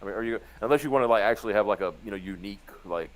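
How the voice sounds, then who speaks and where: A man's voice: lowish voice, very fast. A man co-hosting a casual live show, reading viewer comments aloud and laughing often between fillers. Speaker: podcast co-host.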